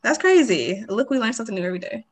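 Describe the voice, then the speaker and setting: A woman's voice: on the high side, lively intonation, racing, slightly rough. A young woman co-hosting a casual chat, telling stories with giggles. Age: young adult. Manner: giggly storytelling. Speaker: podcast co-host.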